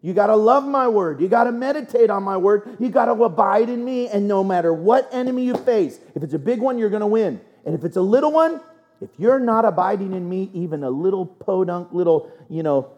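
God as a firm, fatherly voice laying down terms, spoken by a pastor, mellow tone. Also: sits high, expressive, fairly quick, muffled recording. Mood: stern. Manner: firm, direct, fatherly warning. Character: stern God, rebuking and instructing.

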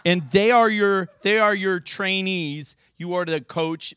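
Youth preacher, male, high-pitched, teasing crowd-worker, dry close mic. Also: moderate pace, hardly any pauses, smooth, no echo. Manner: playful, goading, shouts coaching cues. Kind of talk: youth sermon with audience games.

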